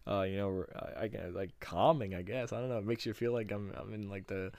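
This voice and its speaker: A man with a fairly low voice chats casually as a podcast co-host, often trailing off and hunting for words. The sound is dry and close, with no room around it. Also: steady tone, a little fast, a little mellow, no echo. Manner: rambling, searching for words with many fillers. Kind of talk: casual food chat.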